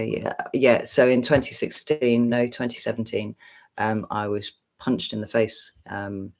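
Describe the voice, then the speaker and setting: A woman's voice: very deep voice, creaky, low-quality recording. A woman in her forties, chatting casually on a livestream and telling a long story in a frank, sweary, rambling way with lots of fillers. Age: 40s. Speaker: tarot reader livestreaming to a chat.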